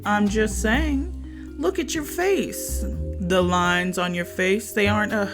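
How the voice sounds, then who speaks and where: A woman's voice: medium pitch, slow, voice pushed up, lightly acted. A woman mimicking a suspicious wife in a mocking, sing-song, exaggerated voice, with music under it. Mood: mock-sweet.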